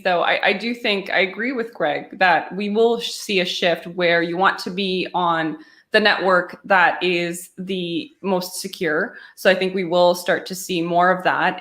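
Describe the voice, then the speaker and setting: A woman's voice: lowish voice, fairly bright tone. Conversational woman on a finance panel. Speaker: podcast guest. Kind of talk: casual panel discussion.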